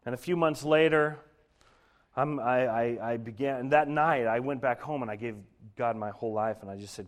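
A young man from Denver giving a sermon, telling a personal story in an earnest way that grows lively as he preaches. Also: medium pitch, moderate pace. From Denver, Colorado. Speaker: pastor.

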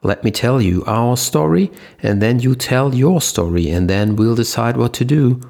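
A male narrator voicing a calm, diplomatic male doctor who tries to settle things down. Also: medium pitch, moderate pace, gravelly. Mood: placating. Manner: calming, reasonable.

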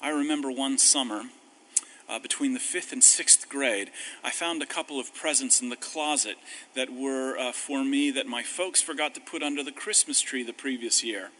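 A male pastor giving a conversational sermon with wry humor, slowing down when reading scripture. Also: medium pitch, pushed and bright, a little hiss or hum, rough recording. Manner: conversational, self-deprecating humor, slows on scripture.

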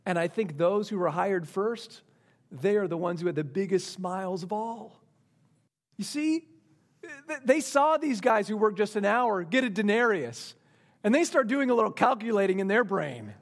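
A man preaching a sermon, swinging dramatically between lively and hushed delivery. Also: extremely high pitch, normal speed.

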